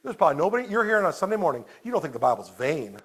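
A man preaching a sermon as a pastor at a church service, animated, moving between loud exclamations and quiet storytelling. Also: on the high side, racing, slightly rough.

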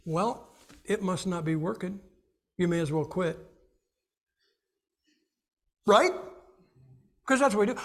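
A man's voice: high-pitched, normal speed, pauses often. A man preaching a humorous sermon, joking and acting out little scenes. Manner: animated, jokey, acts out little scenes.

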